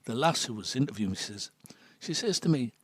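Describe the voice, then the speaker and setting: A man's voice: mid-range voice, lively intonation, fast, fairly bright tone, breathy edge, no room sound. A man in his seventies with a North East English accent, a missionary priest telling stories in a chatty way, laughing often and dropping to a near whisper on serious points. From Sunderland, England. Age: 70s. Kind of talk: casual storytelling chat.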